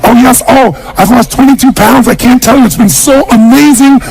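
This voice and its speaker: Brief: a gushing female housekeeper, put on by a man with a gravelly voice, pitched high, effusive and breathless. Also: moderate pace, rough recording.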